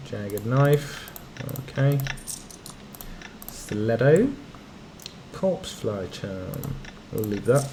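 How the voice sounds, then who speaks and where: A game streamer with a lowish, animated voice talks very slowly and pauses often, reading the game's text aloud and muttering asides in casual let's-play fashion. The background is noisy, with game music playing.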